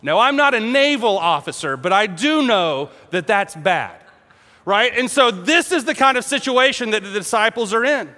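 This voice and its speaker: A man preaching a sermon, telling a story with animated energy, acting out voices and laughing along. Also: high-pitched, normal speed, in a large hall. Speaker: pastor.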